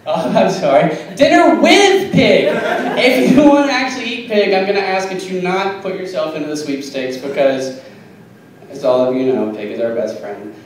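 Brief: man comic, high voice, deadpan puns, filmed on a phone far back in an echoey bar. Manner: deadpan, punny, giggling at own jokes. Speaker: stand-up comic. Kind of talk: absurdist stand-up set. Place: small bar stage. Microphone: phone camera.

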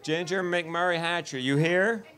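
A man's voice: fairly high pitch, a little slow, fairly bright tone. Folksy man joking with a crowd. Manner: joking, folksy storyteller who talks to the crowd. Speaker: festival speaker. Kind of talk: live talk to an audience. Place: festival tent.

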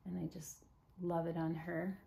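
Casual vlogger, woman, lowish gravelly voice, drifts into whispers, faint hiss behind. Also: little pitch movement, a little slow. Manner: chatty, drops into soft whispers. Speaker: doll collector vlogger. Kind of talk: casual chat to camera.

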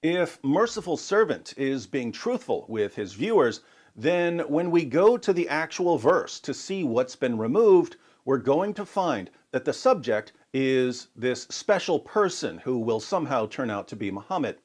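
Lively, measured male narrator. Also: mid-range voice. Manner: measured, explanatory, lightly sarcastic. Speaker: narrator of a clip. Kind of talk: scripted narration.

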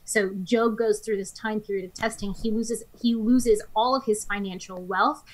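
A woman co-hosting a Bible study discussion, summing up scripture chapters briskly in her own words on a studio microphone. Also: mid-range voice, steady tone, poor audio.

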